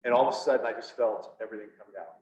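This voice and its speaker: A police officer telling a personal story to an audience, candid and blunt, acting out what people said. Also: male voice, on the low side, racing, darkish tone. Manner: candid, blunt, acts out quoted dialogue. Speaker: public speaker, police officer. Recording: echoey, distant, slightly dull, faint hiss.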